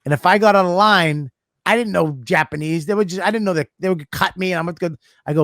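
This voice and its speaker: Brief: man, slightly high voice, profane rambling storyteller, dry studio sound. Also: fast, fairly bright tone, no room sound. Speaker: co-host. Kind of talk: casual comedy podcast chat.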